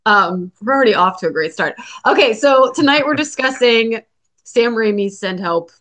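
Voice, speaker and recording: A woman's voice: on the high side, expressive, normal speed, fairly bright tone. A woman co-hosting a podcast in casual chat, talking with a sore throat and a cough drop in her mouth, chatty, with many fillers. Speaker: podcast co-host.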